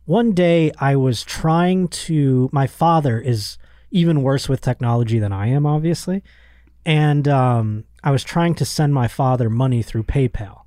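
A man in his thirties hosting a podcast, telling a story in a lively, casual way and acting out other people's lines. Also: mid-range voice, a little slow, no echo, studio quality. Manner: animated storyteller, acts out quoted voices. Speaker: podcast host. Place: podcast studio.

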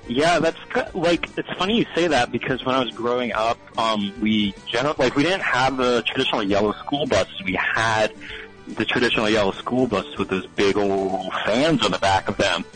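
A man from New Orleans calling in to a radio show, talking in a hesitant, deadpan way with many ums. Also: medium pitch, normal speed, faint music behind, rough recording. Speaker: caller. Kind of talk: call-in radio chat.

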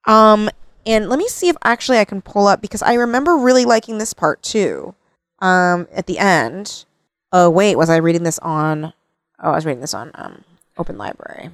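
A woman in casual conversation retelling a novel's plot, now and then reading passages aloud in a soft voice. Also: on the low side, animated, moderate pace, no echo, clean studio sound. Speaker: book discussion co-host. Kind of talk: casual chat.

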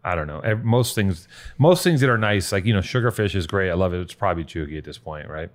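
A man hosting a casual comedy podcast, rambling and swearing as he riffs, restless and quick to jump between thoughts. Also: deep voice, expressive. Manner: rambling, profane, restless, riffing. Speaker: podcast host.

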